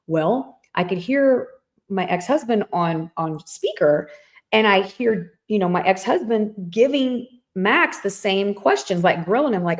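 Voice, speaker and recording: A middle-aged woman co-hosting a podcast, telling a family story in a casual, animated way and acting out the voices in it. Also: a little high, a little slow. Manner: animated storyteller, acts out quoted dialogue. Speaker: podcast co-host.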